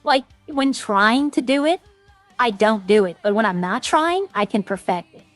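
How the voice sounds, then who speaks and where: A woman's voice: a little high, animated, normal speed, no room sound, soft background music. A woman streamer rambling in casual, self-deprecating chat with her viewers.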